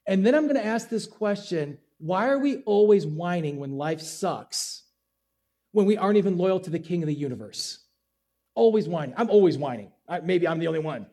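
High, mellow-voiced casual preacher. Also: male voice, animated, moderate pace. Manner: casual, self-deprecating preaching with acted-out asides. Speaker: pastor. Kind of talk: sermon. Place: church.

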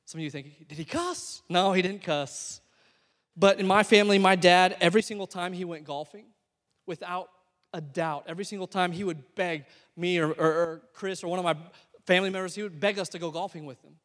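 A young man preaching a sermon, telling stories and swinging from hushed to excited. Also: high-pitched, fairly quick. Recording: long hall reverb.

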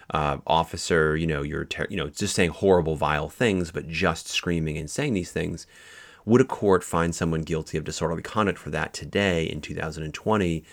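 A man's voice: a bass voice, vocal fry. A man teaching a lecture on case law, explaining with frequent fillers and restarts. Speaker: legal instructor.

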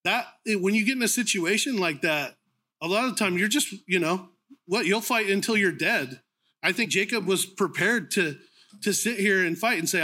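A man giving a sermon in an informal, conversational way, with frequent ums, restarts and the odd throat-clearing. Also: high voice, normal speed, bright, forceful tone. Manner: clears his throat now and then. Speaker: preacher.

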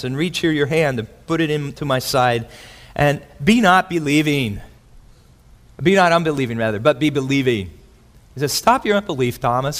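A man preaching a sermon as pastor, animated, acting out quotes with big swings in his voice. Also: fairly high pitch. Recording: long hall reverb.

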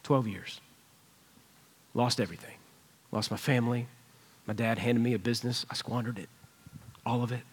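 A man's voice: mid-range voice, steady tone, moderate pace, long pauses, breathy edge. A man preaching a sermon in a church, conversational and earnest as he retells a personal story. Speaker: pastor. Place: church sanctuary.

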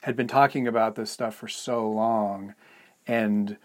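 A man's voice: fairly low pitch, fairly even intonation, measured pace. A man co-hosting a podcast, speaking candidly and hesitantly, often searching for words in a reflective conversation. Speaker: podcast co-host.

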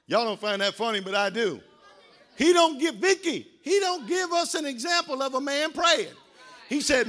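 High-voiced shouting preacher man. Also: animated, a little fast, a faint crowd. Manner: shouting, sing-song preaching with call and response. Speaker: guest preacher. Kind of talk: sermon.

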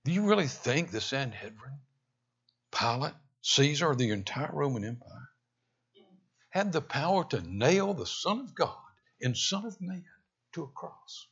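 A man preaches a sermon in a bright, husky voice, his pitch leaping about with animated emphasis. He swings from loud, pressing lines to hushed, intense ones. The recording sounds dull and muffled. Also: measured pace. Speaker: pastor.

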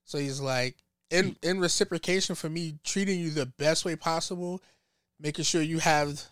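A man's voice: a little high, steady tone, normal speed, a bit bright, clean tone, dry recording. A man co-hosting a podcast in casual debate, arguing his point, repeating phrases and acting out quotes, on a close mic. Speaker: podcast co-host.

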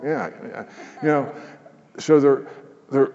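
A man preaching a sermon in an earnest, conversational way, dropping to a hush for emphasis. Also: medium pitch, takes it slowly, long pauses. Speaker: pastor. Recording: muffled sound with long hall reverb.

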